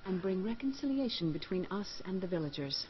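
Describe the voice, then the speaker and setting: An actress playing a calm, wise Jedi master woman in a video game, measured and composed. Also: mid-range voice, dull audio, slight background noise, lightly acted.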